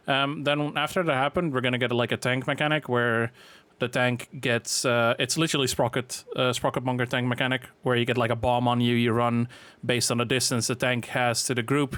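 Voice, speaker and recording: A man explains a game boss fight in a loose, laid-back way, stopping often for fillers as he works through each step. His voice sits at an ordinary middle pitch. The sound is dry, with no room echo. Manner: relaxed, filler-heavy explaining. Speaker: game guide creator. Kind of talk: casual walkthrough of a raid boss.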